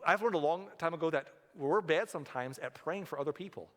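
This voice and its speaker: A man with a fairly high voice delivers a sermon in a loose, conversational way. He acts out the petty voices of everyday people. His voice rings with long reverb in a church hall. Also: a little fast, fairly bright tone. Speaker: pastor. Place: church sanctuary.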